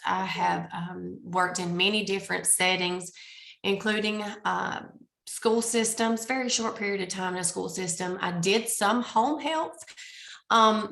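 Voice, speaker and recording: Raspy southern lady talking a webinar, kinda bright and gravelly, echoey room. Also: mid-range voice. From Southeast Georgia, US. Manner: chatty, apologetic, with fillers. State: under the weather, raspy voice. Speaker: physical therapist presenter. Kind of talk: webinar presentation.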